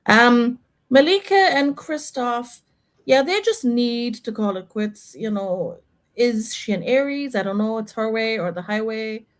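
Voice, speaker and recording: A woman's voice: fairly high pitch, animated, a little slow, low-quality recording. A woman hosting a casual live chat about a reality show, opinionated and chatty, with lots of fillers.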